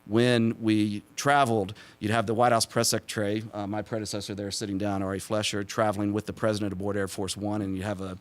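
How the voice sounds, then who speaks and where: Chatty low-voiced man giving a talk. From Texas. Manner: self-deprecating, laughs at his own jokes, many fillers. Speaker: symposium speaker, former press secretary. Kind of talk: public talk with anecdotes.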